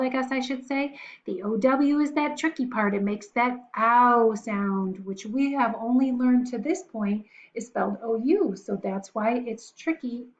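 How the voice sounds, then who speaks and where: Slow, patient woman teaching spelling. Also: a little high, muffled recording. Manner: slow, encouraging, spells words letter by letter. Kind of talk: recorded spelling lesson for young children.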